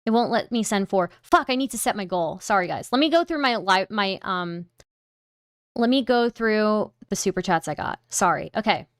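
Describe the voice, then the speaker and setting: A woman's voice: mid-range voice, lively intonation, moderate pace, smooth, no echo, clean studio sound. A woman streamer chatting casually on a livestream, rambling, swearing now and then and laughing often.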